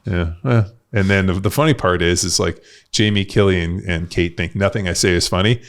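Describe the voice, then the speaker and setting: A middle-aged man hosts a casual podcast, his very deep voice rough with gravel. He tells stories with a joker's timing and laughs easily at his own lines. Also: fairly quick. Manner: joking storyteller, laughs often. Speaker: podcast host.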